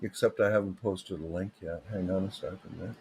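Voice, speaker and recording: A man's voice: sits low, fairly even intonation, a little fast, a little mellow, slight background noise. A man, hosting a livestream with rambling, joking, digressive chat. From Canada. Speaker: livestream host.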